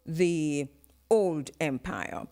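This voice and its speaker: A woman hosting live radio commentary, talking in an animated way and switching into patois for emphasis. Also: deep voice, drawn-out words. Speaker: radio talk show host. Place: radio studio.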